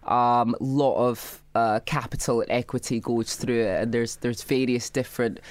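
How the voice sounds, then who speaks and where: A woman's voice: a bass voice, steady tone, moderate pace, a little mellow, no room sound. A Scottish woman guest talking animatedly in an interview, mimicking people and laughing as she tells stories. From Scotland. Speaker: guest, model and author. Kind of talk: casual interview talk.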